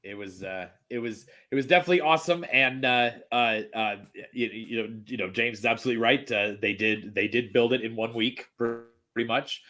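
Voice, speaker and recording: A man's voice: medium pitch, a little fast, hardly any pauses, bright, forceful tone. A man chatting casually as a podcast guest, rambling with many restarts and fillers. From Texas. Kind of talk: casual chat.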